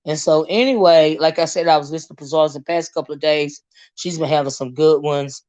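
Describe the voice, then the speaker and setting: A hoarse woman, hosting a casual livestream, greeting viewers and chatting with many fillers and asides. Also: sits low, a little fast, darkish tone, highs cut off. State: hoarse, lost her voice. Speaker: livestream host.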